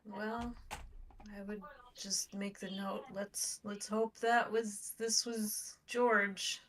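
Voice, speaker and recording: A woman's voice: mid-range voice, little pitch movement, takes it slowly, fairly bright tone, recorded from a distance, slight background noise. A woman playing a tabletop game, asking questions and thinking aloud with some hesitation. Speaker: player.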